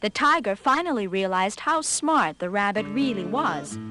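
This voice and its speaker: A woman narrating a children's storybook in a scripted, expressive read, slowing for effect. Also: mid-range voice, music in the background.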